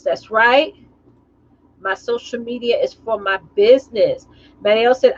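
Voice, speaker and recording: A woman business coach talking casually on a live stream, telling animated stories and calling her viewers y'all. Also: fairly high pitch, measured pace, highs cut off.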